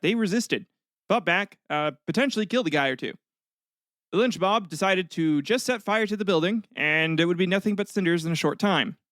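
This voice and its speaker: A man hosting a casual history podcast, telling the story in a jokey, blunt way with some swearing, frequent fillers and throat clearing. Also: fairly high pitch, a bit bright, no echo, clean studio sound. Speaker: podcast host.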